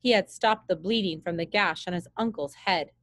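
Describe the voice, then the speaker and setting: A woman teacher reading a children's book aloud in a steady, plain way with small slips. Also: on the low side, moderate pace, no room sound.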